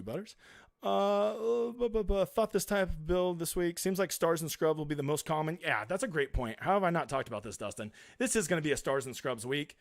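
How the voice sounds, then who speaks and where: A man's voice: a little high, dry recording, studio quality. A man hosting a casual live stream, reading viewer comments aloud and answering them in a chatty, blunt, emphatic way.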